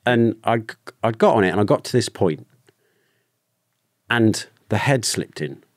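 A British ex-soldier, a man, telling a personal story candidly with halting restarts as a podcast guest. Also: lowish voice, lively intonation, no room sound, studio quality. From United Kingdom. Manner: open, emotional, halting with restarts.

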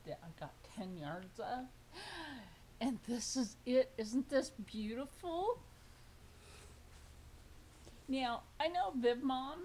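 Gushing woman unboxing fabric slowly. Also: on the high side, darkish tone, a little hiss or hum, rough recording. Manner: gushing, squeals over fabrics. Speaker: sewing vlogger. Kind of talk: casual unboxing vlog.

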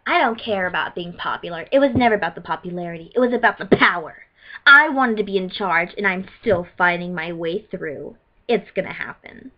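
A woman playing a sulky, power-hungry teen siren girl in a low, brooding voice. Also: lively intonation, brisk, natural voice. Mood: sullen. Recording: muffled lo-fi recording.

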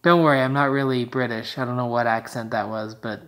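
A man's voice: medium pitch, steady tone, fairly quick, very noisy. A young man and father chatting casually in a home vlog, teasing and joking with his wife and unborn baby. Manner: jokey, teasing, talks playfully to the unborn baby. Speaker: husband and father, vlog co-host. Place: family home.

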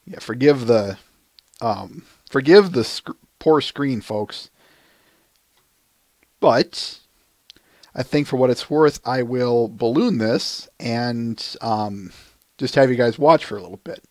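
A man hosting a podcast in an easygoing, soft-spoken way, keeping his replies brief. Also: medium pitch, slow, long pauses, no echo. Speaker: podcast host.

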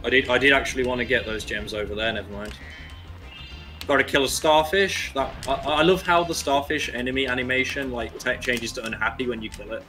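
A man's voice: mid-range voice, fairly even intonation, brisk, sharp tone, soft background music. A man chatting casually while racing through a speedrun, talking through his moves with self-mocking asides. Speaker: speedrun racer.

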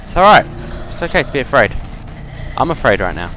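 Young guy playing a horror game, cracking jokes and swearing, goes loud and high when spooked, bit of faint hiss behind. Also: sing-song, a little fast. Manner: jokey, swearing, yelps when scared. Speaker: gamer. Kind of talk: let's play commentary.

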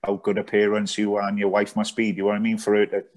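A man's voice: fairly low pitch, completely flat delivery, fast, a little mellow. A man in his thirties, a podcast guest, chatting casually and often asking "do you know what I mean". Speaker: guest, charity founder. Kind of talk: casual chat.

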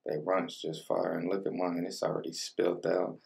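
A young man rambles in relaxed slang through a mukbang-style food vlog. His voice sits very low with a heavy gravelly rasp, and he is heard from a little away from the mic. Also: normal speed, recorded from a distance. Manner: laid-back slang-heavy chatter between bites. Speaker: mukbang vlogger. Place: home room with colored lighting.

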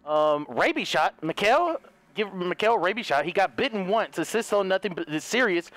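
Man, high voice, swoops all over, excitable let's play commentary, yelps and curses, talks to viewers. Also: moderate pace, no echo. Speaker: gaming youtuber.

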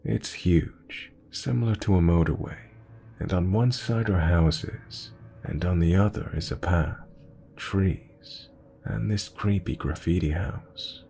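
Deep dark-voiced guy reading a scary story, steady and measured, faint hiss behind. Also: vocal fry. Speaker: horror story narrator. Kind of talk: scripted narration.

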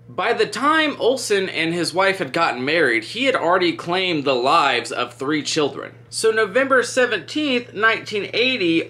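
A man's voice: fairly high pitch, pushed and bright. A man casually chatting through a true crime story while doing his makeup, rambling with lots of "like" and "um". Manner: rambling, heavy use of "like" and "um".

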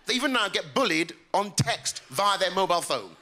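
A man doing an animated stand-up comedy routine on a theatre stage. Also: brisk, gravelly, hardly any pauses. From England. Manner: animated, jumps into high voices for characters. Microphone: stage mic. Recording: live theatre with loud crowd. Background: loud laughing audience.

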